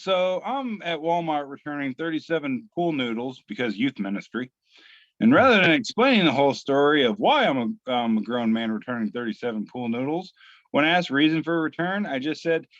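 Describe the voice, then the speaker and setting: A man co-hosting a relaxed podcast reads memes aloud, hesitating and restarting often with plenty of fillers. His voice is medium-pitched and a bit bright. The recording has no room sound and is dry and slightly muffled.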